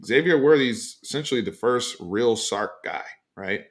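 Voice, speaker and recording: A man hosting a casual sports talk show, giving emphatic opinions in a loose, animated way with frequent fillers. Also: mid-range voice, moderate pace. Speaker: sports podcast host.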